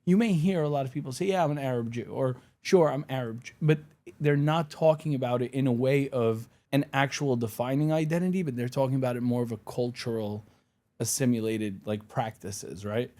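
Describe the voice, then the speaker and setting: A man's voice: medium pitch, brisk, warm tone. A man from Syria whose first language is Arabic, speaking as a podcast guest in casual interview talk, emphatic and ready to push back. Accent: none, worked to lose his Syrian accent, sounds like a New Yorker. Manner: emphatic, argumentative, pushes back firmly.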